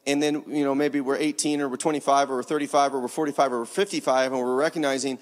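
A man preaching a sermon in an animated, conversational way, often laughing as he speaks. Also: medium pitch, fast talker, few pauses, in a large hall.

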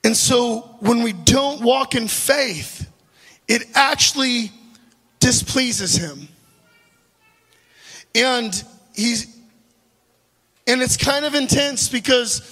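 A man preaching with a high, husky voice that turns gravelly at the edges, animated and full of asides to the congregation. It is a live sermon in a large church hall, and a long reverb trails after every line. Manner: animated, laughing asides, direct address to the congregation. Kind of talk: storytelling sermon.

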